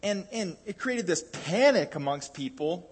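A man's voice: sits high, expressive, moderate pace, breathy edge. A man preaching a sermon in a conversational way, with jokey asides and frequent restarts.

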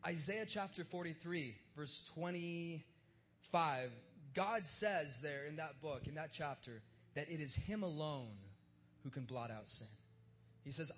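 A man preaching a sermon with a notably high voice. He talks loosely and jokes with everyday slang, like he's chatting with the congregation. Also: animated, unhurried, a bit bright. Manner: casual and joking, uses slang. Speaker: pastor. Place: church service in front of a live crowd.

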